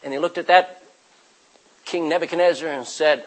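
A man preaching a sermon as pastor, emphatic, swinging from loud declarations to hushed, quiet passages. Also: fairly high pitch, normal speed, low-quality recording.

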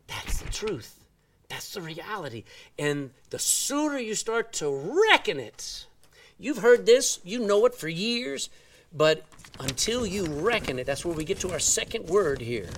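Animated Texan preacher in church. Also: male voice, high voice, distant mic, a little hiss or hum. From Texas. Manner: animated, folksy preaching with drawn-out emphasis. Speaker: pastor. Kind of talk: sermon.

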